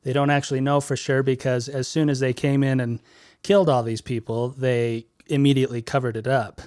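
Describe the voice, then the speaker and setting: A man's voice: medium pitch, flat delivery, fairly quick, darkish tone, clean tone, no echo, studio quality. A young man hosting a podcast, chatting casually and easily, with lots of "like" and "um". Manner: easygoing, heavy use of "like" and "um". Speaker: podcast host.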